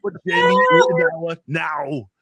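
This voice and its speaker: A man's voice: a little high, wildly swooping pitch, unhurried, creaky, over a noisy crowd, full character voice. A man doing a commanding action-star muscleman. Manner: stiff, forceful commands. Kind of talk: comic impression.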